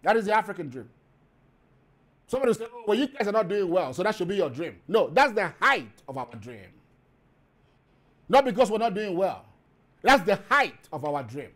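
A man's voice: high-pitched, big pitch swings, moderate pace, long pauses, fairly bright tone. A man hosting a show, delivering an impassioned, preaching monologue full of repetition and rhetorical questions. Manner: rising to emphatic peaks. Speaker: host.

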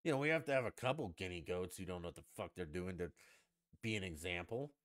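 A man's voice: low-pitched, lively intonation, fast talker, fairly bright tone. A man hosting a solo podcast, ranting in a profane, sarcastic and argumentative way. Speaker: podcast host.

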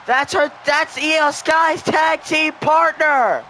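A man calling a wrestling video game match play by play, excitable and breaking into shouts at the near-falls. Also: very high voice, takes it slowly, slight background noise. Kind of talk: play-by-play commentary.

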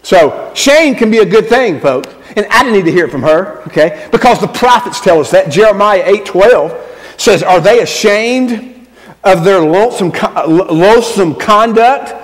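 High-voiced pastor preaching. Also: male voice, expressive, normal speed. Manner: conversational, checks in with the congregation. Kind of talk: sermon. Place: church sanctuary. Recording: long reverb in a church.

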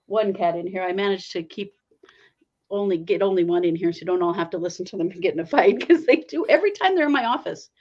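A middle-aged woman chats as a podcast co-host, animated and quick to laugh or get riled up. Her pitch swings a lot, and the sound is a little dull and lo-fi. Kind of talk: casual chat.

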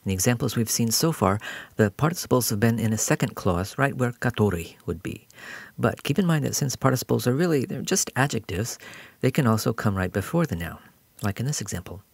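Man, husky gravelly voice, patient teacher explaining grammar, dry sound. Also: medium pitch, animated, fairly quick, dry recording. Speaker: language teacher. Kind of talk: recorded grammar lesson.

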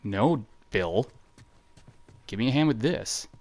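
A man's voice: mid-range voice, lively intonation, slow, darkish tone. A man hosting a let's play video, joking and chatting to the game characters as he plays. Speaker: gaming video host.

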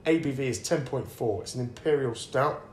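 A man's voice: medium pitch, fairly quick. A man co-hosting a casual beer-tasting chat, bantering and joking as he tastes and describes beers. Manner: jokey, bantering, animated. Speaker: podcast co-host. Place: indoors at a pub. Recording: echoey room, faint noise.

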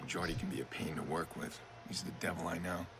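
A man voicing a grim, brooding vigilante hacker in a video game, speaking in a low, terse inner monologue. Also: fairly even intonation, a little fast, vocal fry, background noise.

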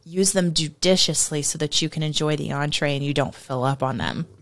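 With a deep voice and a slightly fast delivery, this podcast co-host talks about food enthusiastically and in vivid detail. She keeps the chat casual and descriptive, laughing easily.

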